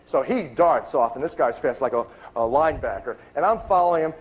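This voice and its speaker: A man giving an earnest lecture, telling a story with lively acted-out dialogue and swings in pitch. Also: a little fast. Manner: animated, acts out dialogue with big pitch swings; earnest, spiritual framing.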